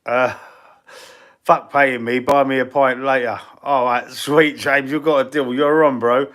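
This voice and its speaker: A man's voice: mid-range voice, flat delivery, a little slow, fairly bright tone. A middle-aged man with a Cockney London accent hosts a football channel's live stream. He rambles casually, reads viewer comments aloud, answers them, and swears now and then.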